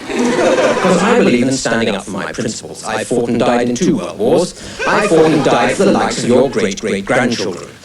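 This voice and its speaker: A man's voice: medium pitch, very animated, moderate pace, crowd noise, lightly acted. A man voicing a pompous, blustering old male Tory politician with a posh Home Counties accent who drops his R's, as a stand-up bit in a roomy studio with an audience. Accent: posh Home Counties English. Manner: self-important, blustering. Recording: roomy TV studio stage, distant mic. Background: studio audience laughing.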